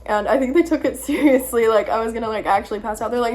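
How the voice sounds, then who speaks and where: A woman's voice: fairly high pitch, fast, darkish tone. Chatty young woman telling a story. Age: young adult. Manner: chatty, lots of "like", earnest and self-conscious. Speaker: vlogger. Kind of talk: storytime vlog.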